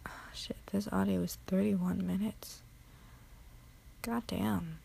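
Slow and mellow, a woman's gravelly, slightly rough voice sits at medium pitch with fairly even intonation. She's an amateur audio creator, tired and rambling late at night in a recorded audio answer, half-whispering at times, teasing herself and cursing casually.

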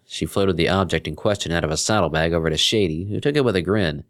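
A man narrating a fan fiction story in an expressive reading. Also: low-pitched, fast talker.

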